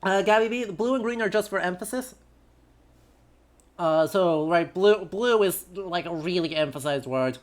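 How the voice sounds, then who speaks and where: A young adult man chatting casually on a live game stream, with many "uh" fillers and a relaxed manner. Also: sits high, moderate pace. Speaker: streamer and historian.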